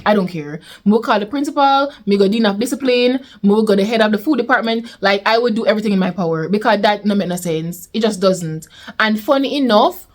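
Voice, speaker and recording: A young woman with a Jamaican accent telling a storytime vlog in a lively way, slipping into patois. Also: mid-range voice, brisk. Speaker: vlogger. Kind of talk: casual storytime.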